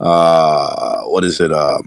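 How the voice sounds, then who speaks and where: A man co-hosting a podcast, chatty and halting, often repeating words. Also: a bass voice, little pitch movement, creaky, no echo. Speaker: podcast co-host. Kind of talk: casual podcast banter.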